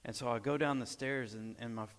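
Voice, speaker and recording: A man in his forties from Arkansas, telling a lively personal story at church and acting out the dialogue. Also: medium pitch, fairly quick, clean tone. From Arkansas, USA. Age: 40s. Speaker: church speaker. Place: church sanctuary. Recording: echoey church hall.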